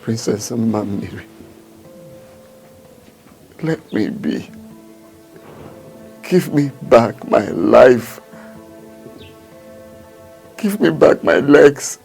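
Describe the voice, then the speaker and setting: A man's voice: medium pitch, lively intonation, drawn-out words, creaky, long pauses, faint music behind, full character voice. A Nigerian-accented man playing a crippled husband tormented by a spirit, pleading and breaking into anguished cries. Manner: pleading, rising into anguished shouts. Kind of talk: Nollywood film acting.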